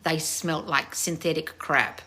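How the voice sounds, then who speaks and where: A woman in her thirties, a channel host reading viewer comments in a loud, blunt, casual way and swearing freely. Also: low-pitched, fairly even intonation, a little slow. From family of Croatian heritage. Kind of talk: casual live chat.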